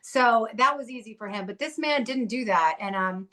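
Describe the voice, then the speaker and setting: A woman's voice: fairly high pitch, normal speed, a bit bright. A woman guest in her thirties or forties telling her own story in a blunt, heated way, swearing often. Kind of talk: candid conversational storytelling.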